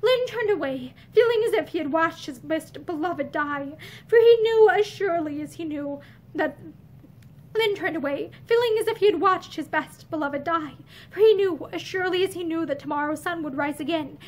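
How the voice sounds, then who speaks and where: Woman reading an old novel out loud, earnest and expressive, really high voice. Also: normal speed. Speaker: audiobook reader. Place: indoor room with bookshelves. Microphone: camera facing her.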